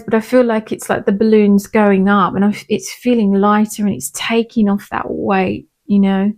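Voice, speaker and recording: A woman, a tarot reader and medium, gently and reassuringly talking viewers through a pick-a-pile reading. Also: mid-range voice, little pitch movement. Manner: gentle, reassuring, unhurried, with frequent "um" and "I'm feeling".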